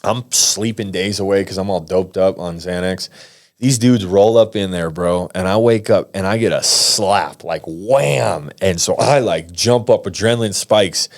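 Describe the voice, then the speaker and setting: Slangy, rambling man with a low voice. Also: measured pace. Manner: rambling, slangy, lots of restarts. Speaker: guest, pro fighter. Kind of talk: casual storytelling. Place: podcast studio.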